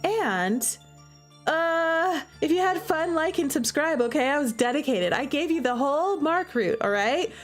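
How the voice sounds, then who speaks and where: A woman's voice: sits high, expressive, a little slow, soft background music. A young woman streamer giving playful, chatty commentary while playing a romance game.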